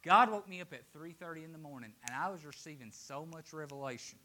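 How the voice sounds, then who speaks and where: A man preaching a sermon to a congregation, swinging between loud, emphatic declarations and hushed, quiet asides. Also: fairly high pitch, fast talker.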